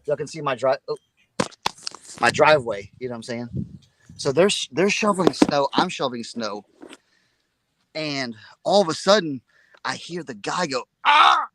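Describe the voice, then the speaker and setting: Excitable rambling man with a bright voice. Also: mid-range voice, normal speed, long pauses. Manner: excitable, rambling, repeats words. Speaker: reseller show co-host. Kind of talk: casual storytelling chat.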